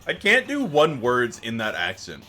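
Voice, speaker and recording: A man streaming live, chatting casually in an animated, exasperated way with frequent laughs. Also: mid-range voice, moderate pace, soft background music.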